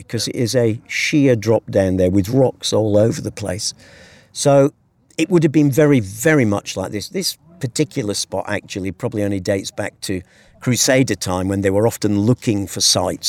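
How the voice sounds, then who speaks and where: A British man with a low voice gives earnest, conversational Bible teaching on a hilltop. He often asks rhetorical questions. The sound is close and dry. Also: darkish tone, dry recording. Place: hilltop cliff edge outdoors.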